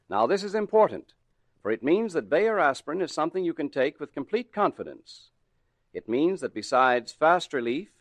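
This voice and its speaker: Smooth 1940s radio announcer, man. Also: fairly high pitch, no echo. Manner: smooth, even, persuasive.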